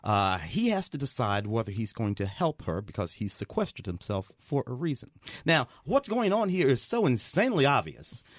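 A man's voice: mid-range voice, moderate pace, no echo, studio quality. A man reviewing a film on the radio with wry, sarcastic humor. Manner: wry, sarcastic, lively delivery. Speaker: film critic. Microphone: studio microphone.

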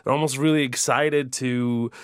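A male stand-up comedian answering interview questions in a halting way, with many fillers and restarts, rising in pitch when he gets excited. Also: clear, resonant tone, no room sound, clean studio sound.

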